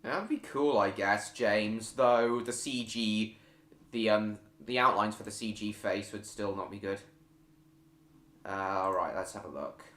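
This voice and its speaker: Bright-voiced man chatting on stream. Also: fairly low pitch, steady tone, echoey room. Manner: chatty, halting with fillers and restarts. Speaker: live stream host. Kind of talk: casual live stream chat reading comments.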